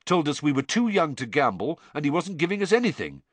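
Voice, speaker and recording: A man's voice: on the high side, very animated, brisk, no echo, pitched above the performer's own voice. A man voicing a brash teenage boy prankster, matter-of-fact and impatient.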